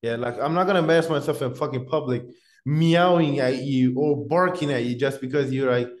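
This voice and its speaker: A man's voice: mid-range voice, a little fast. A man hosting a casual podcast who talks bluntly and swears casually. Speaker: podcast host.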